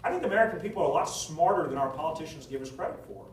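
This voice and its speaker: A man, a political candidate, answering at a town hall meeting, telling anecdotes with jokes in a lively storytelling manner. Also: on the high side, racing, far from the mic, slight background noise. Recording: echoey hall recorded from afar.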